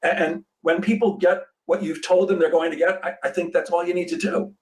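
Recorded from a distance, a high-pitched man speaks a little quickly as he hosts a relaxed podcast interview. He's an animated storyteller who performs what people said, frequently starting his sentences over.

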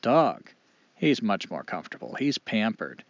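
Expressive male oral storyteller, dramatic pauses; dull, dry lo-fi recording. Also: on the low side, dry recording.

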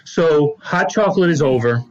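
A man hosting a podcast, telling stories in a lively, laughing way and acting out what people said. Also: on the high side, moderate pace, muffled recording. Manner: animated, laughing storyteller who acts out quotes. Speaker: podcast host. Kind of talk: casual storytelling chat.

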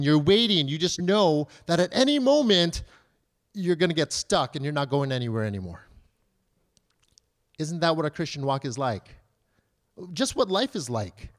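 A man in his thirties preaching a sermon in a conversational way, asking rhetorical questions and acting out pleas in a higher voice. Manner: acts out children's and believers' pleas in a higher voice. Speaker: pastor.

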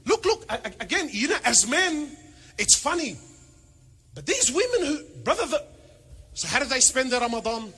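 Animated high-voiced man preaching. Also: moderate pace. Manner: animated, joking, rhetorical questions; peppers speech with Arabic phrases. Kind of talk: sermon to a congregation.

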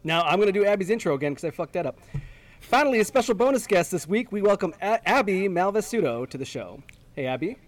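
A man's voice: high voice, expressive, quick pace. A man hosting a casual gaming podcast over a video call, joking and sing-song, stumbling over names. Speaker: podcast host. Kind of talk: casual chat.

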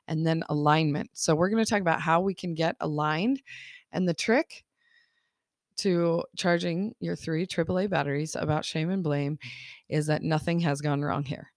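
A woman's voice: sits low, steady tone, normal speed, dry recording, clean studio sound. A woman life coach hosting her podcast in a casual, upbeat monologue, laughing often as she acts out people's thoughts.

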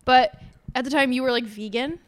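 A woman's voice: high-pitched, fairly quick. A young woman chatting as a podcast guest, telling a story with lots of giggles. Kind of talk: casual chat.

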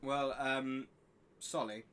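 A man's voice: mid-range voice, fairly even intonation, takes it slowly, a bit bright. A young man co-hosting a podcast in casual chat, rambling and self-deprecating, often laughing. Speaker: podcast co-host.

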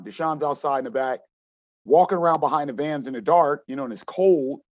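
A man's voice: on the high side, a little fast, no room sound. Male coach telling a story, dull dry sound. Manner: animated, acts out quotes, many restarts. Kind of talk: storytelling in a podcast interview.

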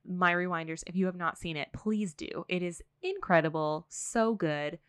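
A woman's voice: on the low side, expressive, normal speed, clear, resonant tone, no room sound, clean studio sound. A woman co-hosting a podcast, chatting casually, bubbly and full of fillers and laughs. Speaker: podcast co-host. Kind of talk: casual chat. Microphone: studio mic.

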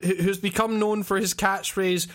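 A man's voice: sits high, flat delivery, moderate pace, a bit bright. A man in a laid-back, profane casual chat as podcast co-host. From Scotland. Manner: laid-back, laughs often, swears.

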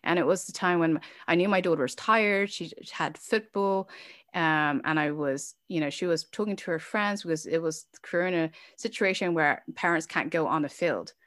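Immigrant mom in an interview, lowish voice, dry close sound, emotional, lots of um and you know. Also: female voice, moderate pace, a bit bright, no echo. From immigrant living in Norway. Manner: emotional, laughs while recounting, many fillers. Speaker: interview guest, founder. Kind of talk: personal storytelling in an interview.

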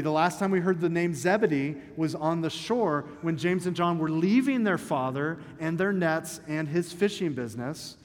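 Pastor guy giving a sermon, chatty and jokey, kinda high pitched, big echoey church. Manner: conversational, joking asides to the congregation. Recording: long hall reverb.

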